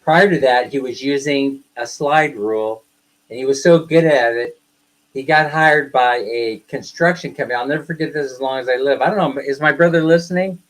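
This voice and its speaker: A man's voice: mid-range voice, moderate pace, low-quality recording. A middle-aged man hosting a livestream, reading jokes aloud and chatting with his viewers, laughing at his own punchlines and wandering into asides. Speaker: livestream host.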